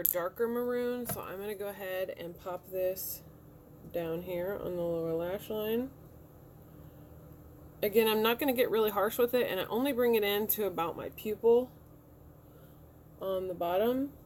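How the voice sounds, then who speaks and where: A woman's voice: medium pitch, a little hiss or hum. A woman in her thirties, chatting casually as she talks through each step of a makeup look in a room at home. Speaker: beauty vlogger. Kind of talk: casual makeup tutorial talk.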